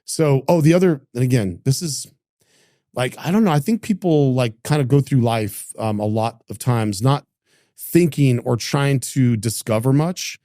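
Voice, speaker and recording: Middle-aged guy from idaho telling a story, acts out the dialogue, mellow voice, dry close mic. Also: medium pitch, moderate pace, dry recording. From Idaho, United States. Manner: animated, acts out quoted dialogue, frequent restarts. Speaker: entrepreneur guest. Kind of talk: casual storytelling conversation.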